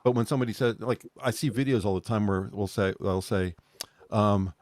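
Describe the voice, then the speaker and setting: Low-voiced man in loose, jokey chat. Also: brisk, a little mellow, no echo, studio quality. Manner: rambling, jokey, laughs at his own asides. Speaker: podcast co-host. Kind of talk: casual chat.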